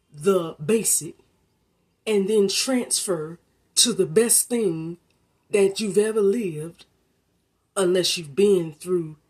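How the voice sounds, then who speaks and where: A woman delivers a faith-based motivational talk in a low, slightly husky voice. She speaks straight to the listener in a colloquial, preacherly way. She drops to a near hush, then builds to emphatic peaks. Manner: preacherly, swinging from hushed to emphatic; colloquial, direct address to listener.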